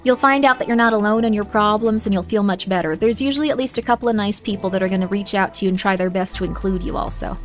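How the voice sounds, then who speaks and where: A woman's voice: medium pitch, quick pace, few pauses, soft background music. A young woman streaming a game, giving viewers motherly advice in a put-on southern drawl and calling them honey. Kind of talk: casual livestream chat.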